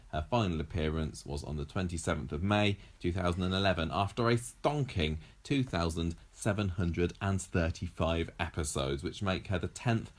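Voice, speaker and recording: A man co-hosting a podcast in relaxed, joking chat. His voice is very deep for a man, and he reels off facts from his notes between asides. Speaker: podcast co-host. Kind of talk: casual chat.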